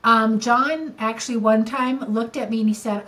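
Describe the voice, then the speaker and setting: A woman's voice: on the high side, fairly even intonation, moderate pace, hardly any pauses, fairly bright tone, low-quality recording. An older woman co-hosting a podcast, talking candidly and emotionally in casual conversation, with frequent restarts. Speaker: podcast co-host.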